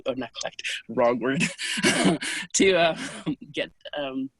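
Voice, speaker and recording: A woman as an interview guest, calmly recounting personal experiences in a soft, unhurried, hesitant way. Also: extremely low pitch, dry recording. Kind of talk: personal storytelling in conversation.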